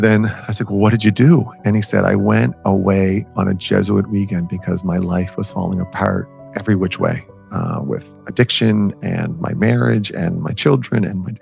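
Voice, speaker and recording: A middle-aged man speaks earnestly to camera, sharing his own story and throwing direct questions at the viewer. His voice sits low and turns gravelly, and his talk rambles a little. Soft music plays faintly underneath. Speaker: self-help speaker. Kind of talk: personal story and advice to camera.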